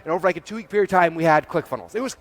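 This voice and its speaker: A man in his forties giving an energetic keynote talk on a conference stage, acting out dialogue in quick quotes and peppering his speech with "like.". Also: on the high side. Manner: animated, acts out dialogue in quick quotes, frequent "like". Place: large event stage before a live audience.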